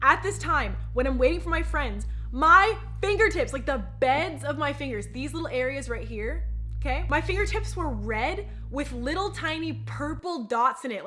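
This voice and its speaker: A young woman telling a storytime vlog to the camera, chatty and animated, talking straight to her viewers. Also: high voice. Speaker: vlogger.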